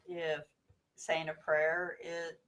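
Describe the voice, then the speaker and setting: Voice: mid-range voice, level tone, extremely slow, fairly bright tone. Midwestern co-host chiming in. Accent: American Midwestern. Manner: chiming in with agreement and tips. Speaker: paranormal investigator co-host. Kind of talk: casual group chat on a show.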